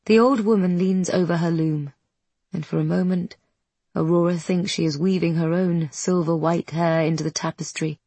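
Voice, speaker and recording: A woman narrating a fantasy audiobook in a measured, even reading voice. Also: lowish voice, breathy edge, no echo.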